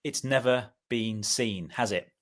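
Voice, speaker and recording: A man co-hosting a podcast, talking in a relaxed, easy way with small pauses and ums. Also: medium pitch. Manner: relaxed storyteller with ums and asides. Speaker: podcast co-host. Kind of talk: casual conversational podcast chat.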